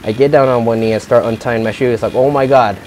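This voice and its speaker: A teenage guy tells a vlog story as a heated rant, cursing freely and rambling through fillers and restarts. His voice sits at an ordinary male pitch. A faint hum of background noise sits under the recording. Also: steady tone, fast, a little mellow. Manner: profane, rambling, lots of fillers. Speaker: vlogger.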